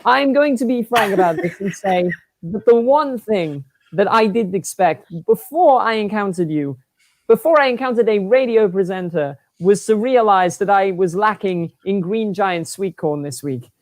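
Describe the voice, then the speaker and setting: A woman's voice: medium pitch, animated, no echo, close to an everyday voice. A woman putting on a haughty, holier-than-thou snob, delivering a condescending comedy insult. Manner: pompous, drawn-out, condescending.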